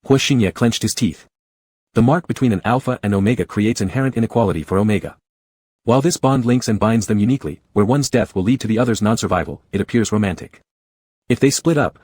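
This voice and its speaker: A man narrates a romance story in a steady, unhurried read. His voice sits low and carries a husky grain. The recording is dry and close, with no room sound. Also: no room sound.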